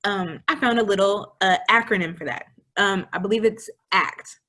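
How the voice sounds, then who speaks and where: This is a young woman co-hosting an informal educational chat. She talks casually with a lively, playful manner, laughing often. Her pitch sits in a middle range. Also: moderate pace. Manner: lively, laughing, acts out little scenes. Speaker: co-host.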